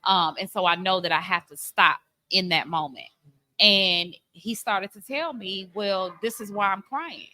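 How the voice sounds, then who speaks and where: A middle-aged woman, telling a heartfelt family story on a podcast with many fillers and pauses. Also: mid-range voice, bright, forceful tone. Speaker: podcast co-host. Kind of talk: candid conversation about parenting.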